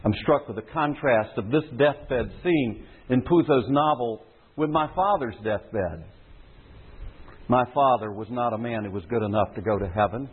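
A man's voice: medium pitch, moderate pace, husky. A man preaching a sermon in an earnest, emphatic way. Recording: tinny phone-like sound.

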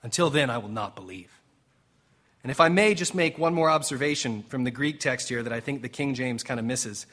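A man preaching a sermon as pastor, animated and emphatic, slipping into dramatic quoted lines with pauses and now and then drifting off the mic. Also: mid-range voice. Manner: jokes with the congregation.

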